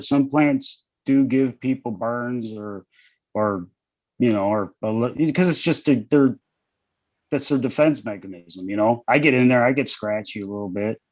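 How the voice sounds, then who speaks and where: A man's voice: mid-range voice, darkish tone, dry recording. A man hosting a casual group chat about growing, laid-back and rambling, with frequent laughs. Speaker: host. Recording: dull lo-fi sound.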